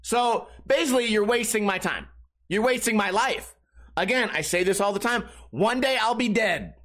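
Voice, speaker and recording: In a loose, comedic podcast monologue, a young male host wanders through stories and swears without restraint. He speaks at a moderate pace in a high, bright, sharp voice, breaking into shouts as he acts out his own panic.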